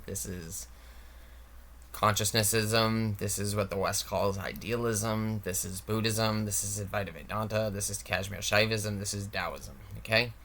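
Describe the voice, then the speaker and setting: A man with a lowish, fairly bright voice reads technical claims aloud, then mocks them. His explanation is casual, sarcastic, and laced with swearing.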